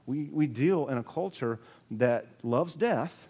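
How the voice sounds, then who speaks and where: A male pastor preaching a sermon with earnest emphasis, his voice rising to strong peaks and dropping low. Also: big pitch swings, slow pace, a little mellow. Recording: long reverb of a large hall.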